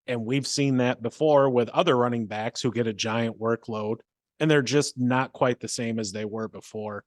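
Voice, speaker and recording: A man with a mid-range voice gives steady analysis in a relaxed podcast chat. The recording is dry and close. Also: medium pitch, moderate pace, no room sound. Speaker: podcast co-host. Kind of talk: casual sports podcast chat.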